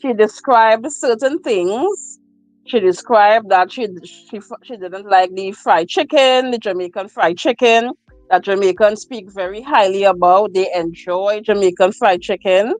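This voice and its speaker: This livestream host has a mid-range voice and keeps things casual, reading viewer comments slowly, repeating herself and laughing frequently. She's recorded on a phone, and the rough audio has no room sound but faint music in the background.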